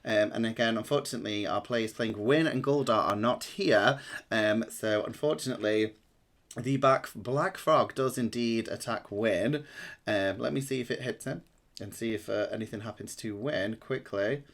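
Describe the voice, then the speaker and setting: A man's voice: lowish voice, moderate pace. Rambling man running a tabletop game. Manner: relaxed, rambling, many ums. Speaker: dungeon master.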